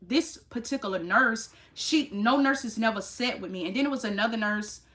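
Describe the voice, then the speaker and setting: A woman nurse telling a story to her viewers in a casual rant, emphatic and exasperated, with sudden high exclamations. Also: moderate pace, fairly bright tone. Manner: chatty, talks straight to viewers. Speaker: nurse vlogger.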